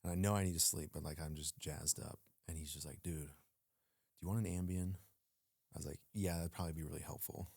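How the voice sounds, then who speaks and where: A man with a fast, slightly rough bass voice and vocal fry, recorded at studio quality with no room sound. The former Navy SEAL is a guest telling a story casually in an interview. He's animated, acting out what people said and using many fillers.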